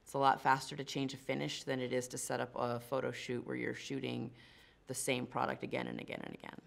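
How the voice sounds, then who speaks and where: A woman's voice: rumbling low, flat delivery, brisk, creaky, very noisy. A woman from the North Shore of Massachusetts, a CGI producer, chatting casually and self-deprecatingly through a Q&A and laughing often. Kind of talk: casual on-camera Q&A.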